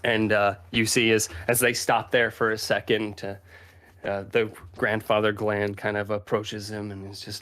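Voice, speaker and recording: A man narrating a tabletop game as game master, unhurried and laughing at his own character voices. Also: on the low side, level tone, fairly bright tone.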